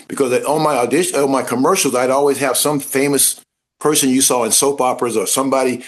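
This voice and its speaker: A man in a casual interview, telling stories in an animated, informal way and acting out the voices of people he met. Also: medium pitch. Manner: informal speech with dropped grammar. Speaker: interview guest, former football player turned actor. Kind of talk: casual anecdotal storytelling.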